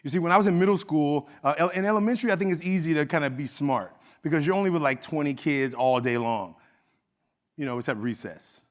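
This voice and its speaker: A man's voice: fairly high pitch, fast. Storytelling man with an Oakland accent. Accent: Oakland, California. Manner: conversational, animated, acts out quoted dialogue. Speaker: keynote speaker. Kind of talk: storytelling keynote speech. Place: conference hall stage.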